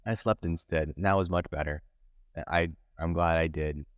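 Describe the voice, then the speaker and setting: Deep-voiced man, candid rambling podcast talk. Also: fairly even intonation, normal speed, smooth, no echo, lo-fi sound. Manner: rambling, candid, with many restarts. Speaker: podcast host. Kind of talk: casual solo podcast monologue.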